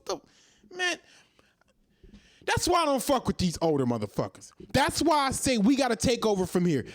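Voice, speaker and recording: A commentary host in his thirties speaks in a very high voice, recorded at studio quality with no echo. He rants through a heated, profane monologue full of repeated rhetorical questions.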